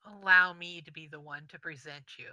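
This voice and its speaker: A woman's voice: on the low side, steady tone, normal speed, pushed and bright, dry recording. A woman voicing a menacing demonic spirit in a tabletop game, speaking in a taunting, mocking way.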